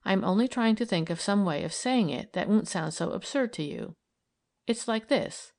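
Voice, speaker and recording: A woman voicing a calm, kindly young woman detective who speaks gently and earnestly. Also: mid-range voice, normal speed, vocal fry.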